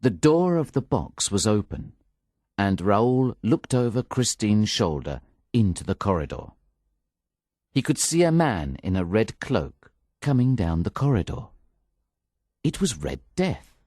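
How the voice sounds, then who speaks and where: A man reading a story aloud in an expressive, measured narration. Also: fairly low pitch, dry recording, studio quality. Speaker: audiobook narrator. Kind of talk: scripted narration.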